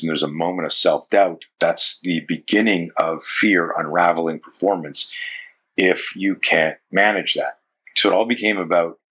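Canadian man, 60s, low forceful husky voice; rambling interview guest, swears casually. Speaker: self-defense coach, guest.

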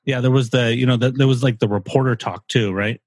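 A man's voice: medium pitch, steady tone, quick pace, dry recording. A man co-hosting a podcast, talking in an opinionated, rambling casual way with some swearing. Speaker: podcast co-host. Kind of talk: casual chat.

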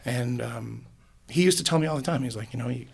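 A man's voice: mid-range voice, fairly quick, creaky, breathy edge. A middle-aged man, a musician, talking in a rambling, heartfelt way in a casual interview. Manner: rambling and heartfelt, many restarts. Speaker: musician guest. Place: podcast booth.

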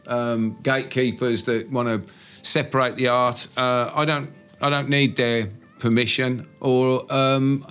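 A man's voice: medium pitch, fairly bright tone. A man co-hosting a casual podcast chat, speaking bluntly, swearing freely and breaking into rants. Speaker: podcast co-host.

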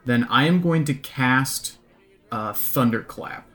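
A man's voice: medium pitch, slow, a bit bright. A man playing a tabletop game, searching for words with many fillers. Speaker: player. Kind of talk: casual tabletop play.

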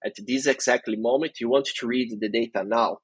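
Husky man explaining step by step. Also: medium pitch, fairly even intonation, a little fast, no room sound, poor audio. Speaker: guest database expert. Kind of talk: technical interview talk.

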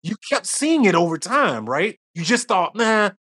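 A man's voice: high voice, big pitch swings, moderate pace, fairly bright tone, breathy edge. A middle-aged man as a podcast guest, telling stories in casual conversation and acting out quoted dialogue.

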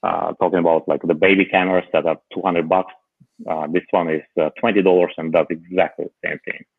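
A man on a podcast panel chatting casually about tech, halting often with filler pauses. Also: sits low, flat delivery, vocal fry, slightly rough, no echo. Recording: tinny phone-like remote line.

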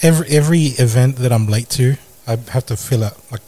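A man's voice: mid-range voice, fast talker, mellow. A man co-hosting a podcast, telling anecdotes in casual chat and laughing as he jokes. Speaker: podcast co-host.

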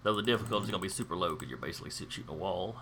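This game master has a low, animated voice and races through his lines over heavy background noise. He reads the tabletop rules aloud in a plain, matter-of-fact way and calls on players to roll.

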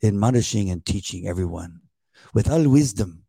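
Brief: man doing a sleepy, slow Irish-sounding Bible reader, gravelly. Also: lowish voice, animated, warm tone, no echo, studio quality, full character voice. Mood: solemn. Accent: put-on Irish-sounding. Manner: slow, sleepy, meditative reading. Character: slow, droning older male Bible reader.

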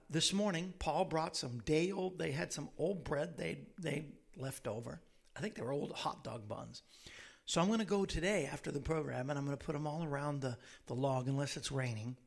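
A man's voice: on the high side, vocal fry. A man hosting a talk show, telling rambling stories in a casual way and laughing at his own jokes. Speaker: radio show host. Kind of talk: casual chat.

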